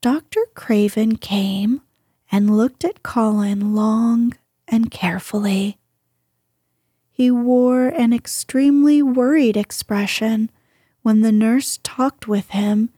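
A woman narrating a storybook in a soft, gentle way, often breathy. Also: on the high side, no room sound, clean studio sound.

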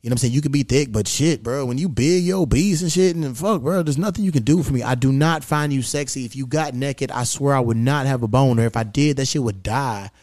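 A man's voice: medium pitch, fairly quick, few pauses, darkish tone, no echo, clean studio sound. A man hosting a podcast, talking casually and venting in a blunt, profane, frustrated way into a stand microphone. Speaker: podcast host.

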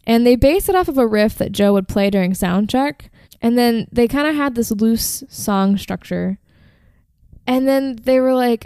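A woman's voice: fairly high pitch, moderate pace, darkish tone, clear, resonant tone, no room sound, studio quality. A woman casually telling a band's history on a podcast, chatty and profane, full of "like" and "um". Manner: chatty, profane, uses fillers like "like" and "um". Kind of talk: casual storytelling chat.

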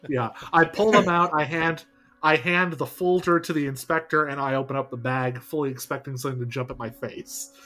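A man's voice: a little high, fairly even intonation, fairly quick, sharp tone. A man playing a tabletop game, describing his character's actions and laughing between lines. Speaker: player.

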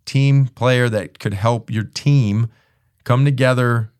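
Animated man telling football stories. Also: slow. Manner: animated storyteller, jumps into high mimicking voices. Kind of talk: casual sports chat.

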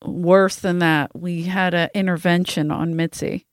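A woman's voice: lowish voice, fairly even intonation, unhurried, no room sound, studio quality. A woman in casual chat, reacting with exclamations and telling her side of shared memories.

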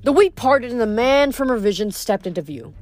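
A woman reading a novel aloud in an expressive storytelling manner. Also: fairly high pitch, fairly quick, soft background music. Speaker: reader.

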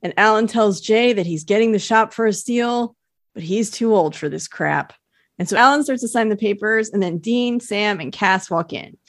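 A woman's voice: mid-range voice, normal speed, no room sound. A woman with a mid-range voice chats her way through a TV episode recap, laughing easily. She is recorded close and dry, with no room sound. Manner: chatty and giggly, quotes characters in a lightly acted voice. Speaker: podcast co-host. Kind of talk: casual episode recap chat.

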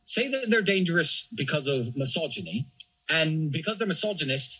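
A man's voice: on the high side, bright, forceful tone, breathy edge, low-quality recording. A man speaking emphatically as a podcast guest, often repeating words as he restarts. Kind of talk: animated conversational monologue.

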